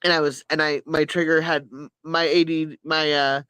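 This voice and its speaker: A woman's voice: sits low, flat delivery, moderate pace, a bit bright, smooth, no echo, poor audio. A middle-aged woman chatting candidly on a live stream, rambling earnestly with frequent restarts and self-corrections. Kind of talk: candid personal chat.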